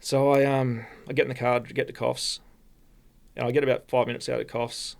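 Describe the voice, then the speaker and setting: An Australian man, a podcast guest, telling a personal story in a halting, rambling way with many restarts. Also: mid-range voice, flat delivery, creaky. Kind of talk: casual storytelling.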